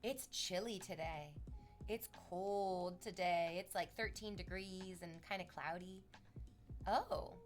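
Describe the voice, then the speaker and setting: A young woman streaming from Canada, chatting with viewers in a rambling, sarcastic and profane way. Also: mid-range voice. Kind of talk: casual stream chat.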